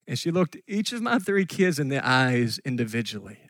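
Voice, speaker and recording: A middle-aged man preaching a sermon, telling a story earnestly and dropping at times to soft near-whispers. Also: medium pitch, big pitch swings, moderate pace, dry recording. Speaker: pastor.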